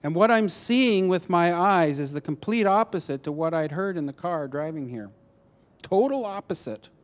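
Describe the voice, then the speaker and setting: A man preaching a personal testimony, telling the story animatedly with halting restarts. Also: high voice, animated.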